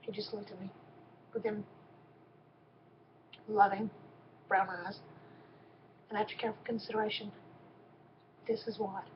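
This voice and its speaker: A woman's voice: medium pitch, flat delivery, unhurried, long pauses, muffled recording, slight background noise. A woman gives an emotional personal faith testimony, often stopping and repeating her words. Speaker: storyteller.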